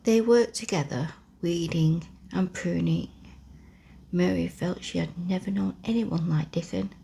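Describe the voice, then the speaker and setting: A woman reading a classic children's story aloud in a slow, soft whisper, a whispered role-play for relaxation, close to the microphone. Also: fairly low pitch, vocal fry, slightly rough. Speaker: ASMR storyteller.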